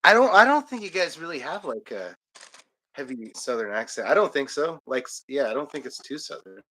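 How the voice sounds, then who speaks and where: A man's voice: a little high, big pitch swings, fairly quick, bright, forceful tone. A young man from Washington state hosting a live stream, chatting in a rambling way with many fillers and frequent laughs. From Washington state, USA. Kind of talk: casual chat.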